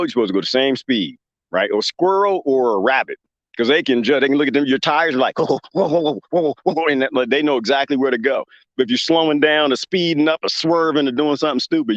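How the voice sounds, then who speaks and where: A man's voice: medium pitch, no echo. A man hosting a casual live stream, rambling and joking, laughing often and reacting to chat. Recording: dull lo-fi dry mic.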